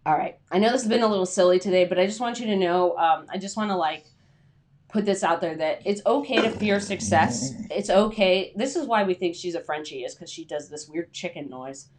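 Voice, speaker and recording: A woman's voice: lowish voice, fairly quick, a little mellow. A young adult woman hosting a casual livestream, chatty and rambling with lots of filler words. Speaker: freelance writer hosting a livestream.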